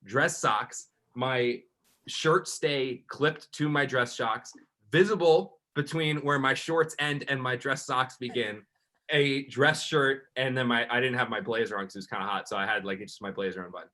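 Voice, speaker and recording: A man with a bright, forceful voice co-hosts a sports podcast in casual chat. He tells a long story with animated energy, rambling and filling his sentences with "like". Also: mid-range voice, normal speed. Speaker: podcast co-host and sports reporter.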